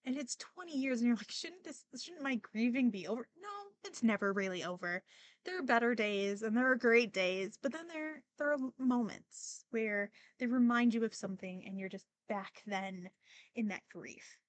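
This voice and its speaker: A woman's voice: a little high, expressive, moderate pace, no room sound. A young woman hosting a podcast, talking casually and emotionally with many fillers and restarts, near tears at times. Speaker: podcast host. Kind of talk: casual personal monologue.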